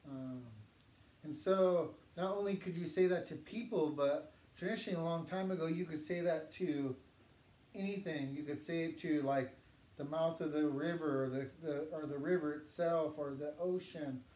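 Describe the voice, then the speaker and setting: A man teaching a language lesson, patiently saying words slowly for learners to repeat. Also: a little high, a little mellow. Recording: echoey room with faint noise.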